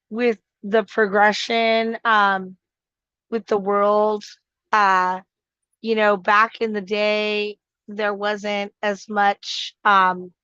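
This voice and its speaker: A woman speaks slowly and earnestly in a casual conversation, pausing often with fillers. Her voice is smooth and fairly flat in pitch. The sound is dry and a little dull, like a low-fidelity mic. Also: no echo. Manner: slow, earnest, hesitant with many fillers. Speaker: guest on the stream, host's partner.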